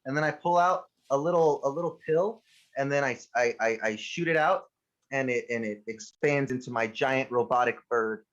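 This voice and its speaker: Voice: mid-range voice, normal speed. Tabletop player, eager, stammers, dull lo-fi sound. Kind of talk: playing a tabletop game.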